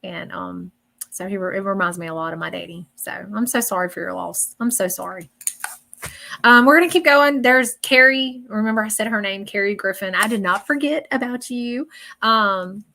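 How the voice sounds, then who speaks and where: A woman gives a live psychic reading in a blunt, chatty manner. She keeps checking in with her listeners, and her voice sits at an ordinary middle pitch. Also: normal speed, creaky, sharp tone. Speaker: psychic medium.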